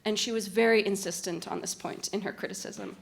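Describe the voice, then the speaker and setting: A woman delivers a conference talk as a literary translator. She reads from prepared text in a measured, articulate way, at an ordinary mid-range pitch, with the odd "uh" or "um" in between. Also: fairly even intonation, creaky. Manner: measured, articulate reading with occasional fillers. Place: university conference room.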